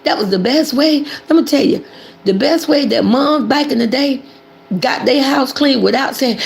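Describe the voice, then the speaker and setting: An older woman hosting casual livestream commentary, animated and preachy, talking about herself in the third person. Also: sits high, moderate pace, vocal fry. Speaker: commentary channel host.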